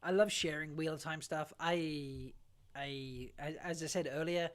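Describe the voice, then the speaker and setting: A woman's voice: low-pitched, fairly even intonation, measured pace. A woman hosting a casual fan talk show panel, laughing often and stumbling through her sentences.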